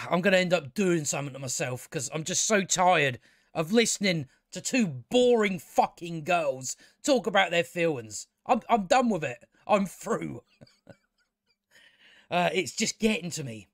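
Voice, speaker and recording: A man's voice: on the high side, animated, a little slow, no echo, studio quality. A man giving a casual, sarcastic and exasperated spoken review of a TV show, swearing often.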